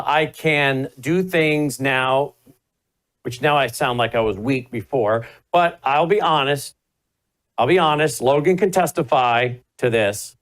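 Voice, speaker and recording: A man's voice: a little high, fairly bright tone. A man hosting a talk show, chatting casually and telling rambling, self-deprecating stories. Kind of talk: casual chat.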